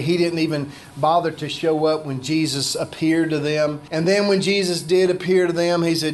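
High-voiced man preaching a sermon. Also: fairly even intonation, moderate pace, hardly any pauses. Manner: conversational preaching with quoted scripture voices. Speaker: pastor.

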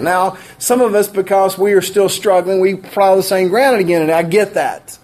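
A man preaching a sermon as pastor, animated and emphatic, with laughing asides and repeated phrases. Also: high-pitched, normal speed, hardly any pauses.

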